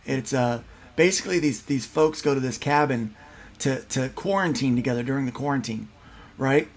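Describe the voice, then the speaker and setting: Breathy-voiced male podcast host. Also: normal speed. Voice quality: breathy, low husky voice. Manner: animated storyteller who laughs through his anecdotes. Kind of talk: casual panel chat.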